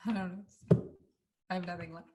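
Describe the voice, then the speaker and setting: A frazzled woman stuck in back-to-back video meetings pleads and fumbles for words, as a woman acts her out. Her voice sits at a middle pitch. She sounds flustered and worn down. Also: unhurried, very noisy, natural voice. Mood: exhausted.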